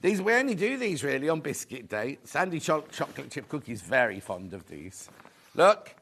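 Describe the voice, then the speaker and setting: A man hosting a live sewing sales show from a TV studio, chatting away as he reads out viewer comments. His voice sits a little higher than most men's and bounces around a lot as he talks. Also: big pitch swings, moderate pace, fairly bright tone. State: out of breath. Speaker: shopping channel presenter.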